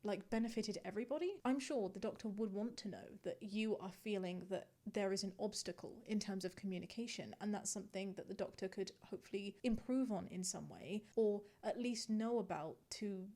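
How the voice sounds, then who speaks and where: A woman hosting a casual commentary show, reading posts aloud and then thinking out loud in a chatty, reflective way. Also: medium pitch, a little fast, hardly any pauses. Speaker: host reading and judging online posts.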